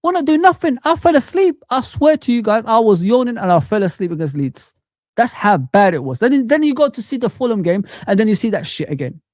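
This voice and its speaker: A man streaming a frustrated football rant, shouting out viewers and calling them guys and man. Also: sits high, sing-song, fairly quick, no echo, clean studio sound. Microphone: streaming mic.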